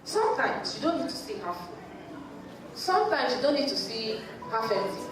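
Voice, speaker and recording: A woman, a psychologist telling a story to a church congregation in an animated way. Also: on the high side, normal speed, noisy background. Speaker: psychologist speaking at a church service. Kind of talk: lively talk at a church service. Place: large church hall. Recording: echoey church hall, mic at a distance.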